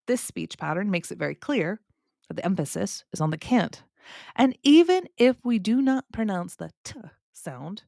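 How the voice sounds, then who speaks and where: A woman with a Californian accent touched by Southern US speech, hosting a podcast English lesson in a lively, demonstrative way and stressing words to teach. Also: medium pitch, vocal fry, no room sound, clean studio sound. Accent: Californian with light Southern US touches.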